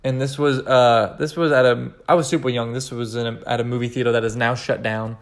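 A young man from Kansas hosting a solo podcast, rambling and sarcastic in an animated way. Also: mid-range voice, a little fast. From Kansas, United States. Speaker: podcast host.

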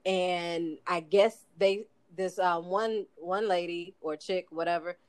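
A woman's voice: on the low side, steady tone, slow. A woman co-hosting a podcast, talking in a blunt, self-deprecating way about her work. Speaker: podcast co-host. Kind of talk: casual chat.

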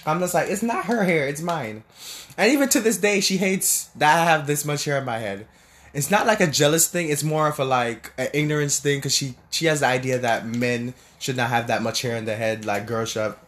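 A man's voice: mid-range voice, fairly quick, fairly bright tone. A young man from Jamaica in casual, rambling storytelling, full of restarts and fillers. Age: young adult.

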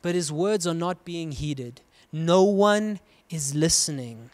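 A man from South Africa preaching a sermon, swinging between loud cries and hushed, quiet lows. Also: slow. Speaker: pastor.

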